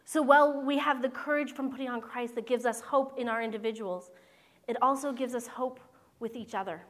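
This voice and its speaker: A woman's voice: a little high, fairly quick. A woman pastor preaching a sermon in an earnest, conversational way with playful asides.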